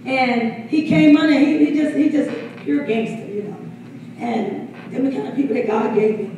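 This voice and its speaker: A woman's voice: fairly high pitch, moderate pace, dark tone, dull audio, a little hiss or hum. A woman pastor telling a story in a sermon, laughing often and acting out quotes. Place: church hall. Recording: echoey hall from far off.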